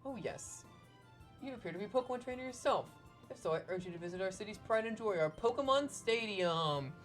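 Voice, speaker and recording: A woman's voice: medium pitch, animated, fairly quick, soft background music, pitched above the performer's own voice, lightly acted. A woman voicing a male city mayor in a game, reading his lines in a formal, promotional tone. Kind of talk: reading game dialogue aloud.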